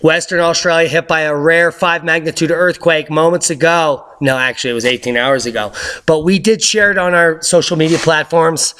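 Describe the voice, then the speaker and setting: A man hosting a news update, giving casual commentary over clips in an excitable, sarcastic way with sudden loud outbursts. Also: a little high. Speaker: host of a news update channel.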